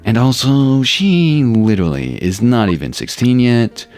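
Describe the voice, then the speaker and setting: A man's voice: mid-range voice, expressive, measured pace, darkish tone. A man playing through a courtroom video game, reading the lead's lines with wry, dry asides. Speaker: let's play host voicing the lawyer lead. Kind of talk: game playthrough narration.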